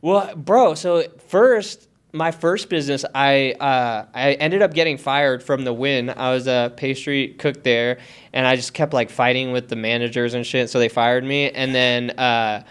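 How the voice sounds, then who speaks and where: A man's voice: mid-range voice, steady tone, measured pace, smooth. A man from Hawaii who is a podcast guest, telling stories in a casual, profane way and acting out the voices he quotes. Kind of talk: casual storytelling.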